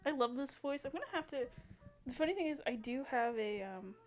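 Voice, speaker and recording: A woman's voice: high voice, animated, brisk. A woman giving casual gameplay commentary, thinking aloud and hesitating as she sets up a character. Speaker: gaming video creator.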